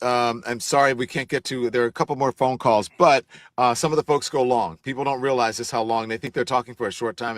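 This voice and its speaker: A man's voice: medium pitch, no echo, studio quality. A man hosting a live call-in show, talking in a loose conversational way and checking in with his co-host. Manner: conversational, asks co-host for agreement.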